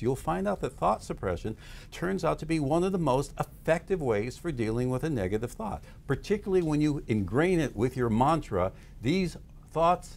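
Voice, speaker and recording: A man with an expressive, lively voice that rises and falls a lot as he explains his ideas to an audience. He talks with enthusiasm and an easy, confident flow. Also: medium pitch, creaky. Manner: enthusiastic, acts out dialogues in different voices. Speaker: guest speaker. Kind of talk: animated explanatory talk.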